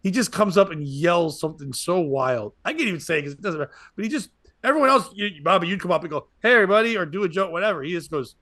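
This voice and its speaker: A man's voice: high voice, expressive, quick pace, bright, forceful tone, dry recording, clean studio sound. A man, a comedian and podcast host, tells a rambling stand-up story and acts out other people's lines as he goes.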